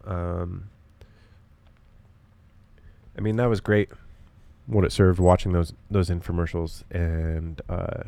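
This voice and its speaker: A man's voice: sits low, flat delivery, takes it slowly, vocal fry, long pauses, mellow, dry recording. A young man talking in a rambling, profane way with lots of fillers, hosting a casual solo podcast.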